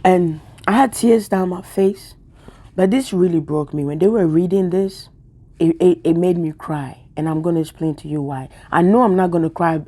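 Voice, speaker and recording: A woman's voice: lowish voice, moderate pace, warm tone. A woman vlogger giving an emotional spiritual monologue, talking in a repetitive, preacher-like way and close to tears. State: tearful.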